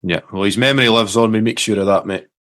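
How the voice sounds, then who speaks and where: A man's voice: lowish voice, fast, fairly bright tone. A Scottish man hosting a podcast, asking chatty, prompting questions in casual interview talk. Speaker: podcast host.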